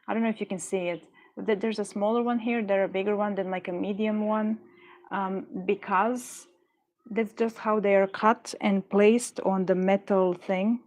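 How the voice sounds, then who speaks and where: A woman's voice: mid-range voice, a little mellow. A woman chats loosely to viewers while making jewelry at her desk. She rambles and wanders off on tangents, talking herself down whenever the work frustrates her. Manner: rambling and chatty, talks herself through frustration. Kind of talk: casual chat while crafting.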